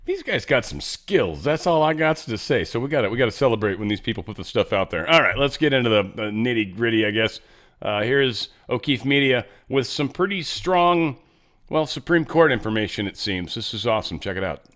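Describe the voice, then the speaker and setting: A man's voice: mid-range voice, animated, brisk, fairly bright tone. A man hosting his own show, giving casual, loose commentary with many fillers and asides. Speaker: show host.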